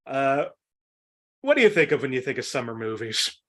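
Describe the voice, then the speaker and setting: Animated Boston-accented man hosting a game show. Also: medium pitch, moderate pace. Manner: rambling, laughs often, many fillers. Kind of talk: casual comedic game show banter.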